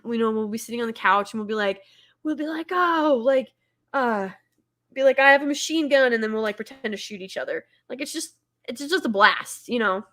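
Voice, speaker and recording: A woman's voice: a little high, pushed and bright. A woman chatting enthusiastically about a favorite movie, full of fillers and restarts. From Texas. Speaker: host. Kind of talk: casual movie commentary.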